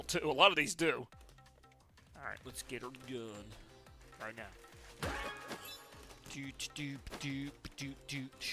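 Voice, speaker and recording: A man's voice: mid-range voice, gravelly, bright, forceful tone. A man streaming a game live, chatting casually with viewers, rambling and laughing often.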